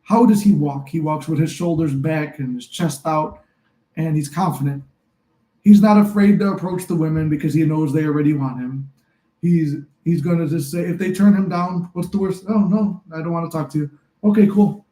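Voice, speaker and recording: A man's voice: fairly high pitch, moderate pace, mellow, reverberant, rough recording. A young adult man hosting a casual live stream, giving rambling, encouraging advice. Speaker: livestream host and manifesting coach.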